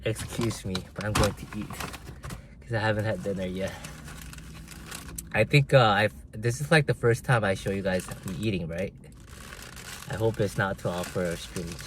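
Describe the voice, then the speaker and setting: A man's voice: fairly low pitch, normal speed, pauses often, noisy background. A man hosting a casual livestream, chatting with viewers and reading their comments aloud while he eats, laughing often. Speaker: livestream host.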